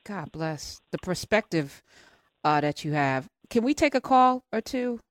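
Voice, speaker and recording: A woman's voice: fairly low pitch, big pitch swings, measured pace. A woman hosting a call-in radio show, reacting with enthusiasm and taking calls. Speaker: radio host.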